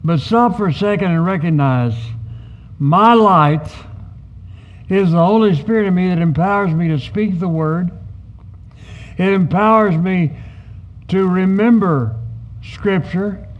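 Measured, high-voiced preaching man. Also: lo-fi sound. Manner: measured, emphatic preaching with quoted asides. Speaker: pastor. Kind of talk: sermon teaching.

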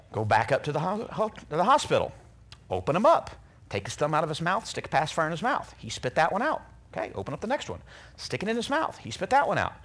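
A middle-aged man delivers a sermon in a lively, swinging voice that sits a little high for a man. He talks earnestly and tells personal stories, acting out the lines of the people in them. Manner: earnest, animated storyteller who acts out quotes.

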